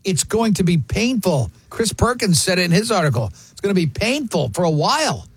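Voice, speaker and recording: A man hosting a casual sports radio show, telling lively stories and mimicking other people's voices. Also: sits high, brisk, husky, no echo. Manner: animated storyteller, mimics voices in quotes. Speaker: radio host.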